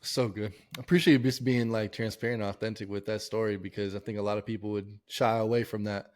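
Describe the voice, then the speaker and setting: A man's voice: fairly low pitch, level tone, quick pace, darkish tone. A man hosting a podcast, asking long, rambling questions in a casual, enthusiastic way, full of "like" and restarts. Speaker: podcast host. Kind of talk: casual conversational interview.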